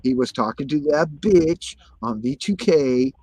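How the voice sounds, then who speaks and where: A man's voice: a little high, expressive, unhurried, darkish tone, no room sound. A man telling his story in casual conversation, agitated and profane, insisting on the same points again and again.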